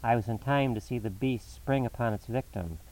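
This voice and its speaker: A man reading a classic novel aloud as a narrator, in a measured, dramatic storytelling manner. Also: mid-range voice, a little mellow, recorded from a distance, rough recording. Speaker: audiobook narrator.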